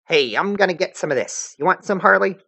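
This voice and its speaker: A man's voice: high voice, animated, a little fast, creaky, pushed and bright, dry recording, voice pushed up, exaggerated voice. A man doing a brash troll girl. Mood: cocky. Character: brash teenage troll girl, cocky, turning shaky.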